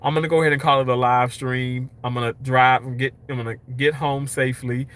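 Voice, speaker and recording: A man's voice: mid-range voice, level tone, fairly quick, a bit bright. A man chatting candidly and at length with his viewers during a casual livestream, rambling and upbeat. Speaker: livestreaming vlogger. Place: outdoors at night, walking.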